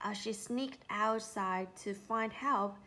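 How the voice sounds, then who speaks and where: A woman narrating a children's storybook in an unhurried, expressive way. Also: mid-range voice.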